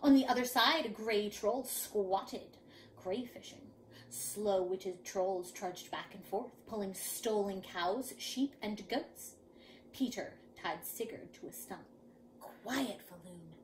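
A woman reading a picture book aloud to young children, dramatic and lively. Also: medium pitch, slow pace, slight background noise. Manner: animated, dramatic. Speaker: children's storyteller.

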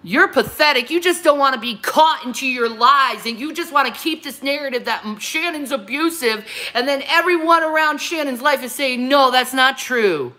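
A woman's voice: high voice, normal speed, few pauses, bright, forceful tone. A woman in her thirties hosting a livestream, answering her critics in a heated, confrontational rant and often repeating herself. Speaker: livestream host.

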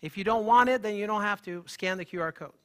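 This man works as a holistic health practitioner and addresses a room full of people in an animated, forceful way. His voice sits high and moves fast, and he banters with his listeners.

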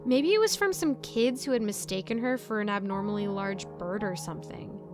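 A woman's voice: medium pitch, fairly quick. A woman narrating a first-person story in a casual, chatty way, rambling into asides. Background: soft background music.

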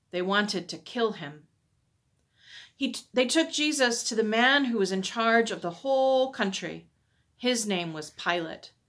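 A woman on church staff reading a Bible story aloud to children in an expressive storytelling manner. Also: mid-range voice.

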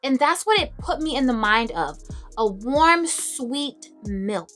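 A young woman chatting casually to camera about her favorite fragrances, expressive and laughing often. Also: high voice, slow, faint music behind. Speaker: beauty and fragrance vlogger.

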